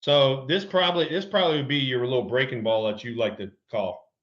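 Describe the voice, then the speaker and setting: A man telling a story in casual chat, animated, repeating words and acting out quotes. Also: medium pitch, a little fast, highs cut off. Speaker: co-host, former ballplayer.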